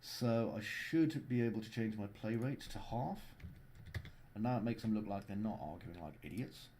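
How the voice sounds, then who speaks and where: A man hosting a casual livestream tutorial as a game developer. He walks through his software in a playful, jokey way. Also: lowish voice, lively intonation, moderate pace, a little hiss or hum.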